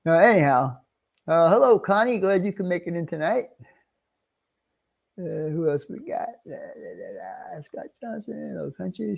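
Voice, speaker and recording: A man's voice: fairly high pitch, creaky, darkish tone. Chatty New York man greeting viewers. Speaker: livestream host. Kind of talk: casual livestream chat.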